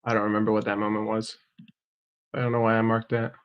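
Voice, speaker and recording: Profane, heated American football fan. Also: male voice, on the low side, completely flat delivery, fast talker, clean tone, highs cut off. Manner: profane, heated, emphatic repetition. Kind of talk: casual reaction rant.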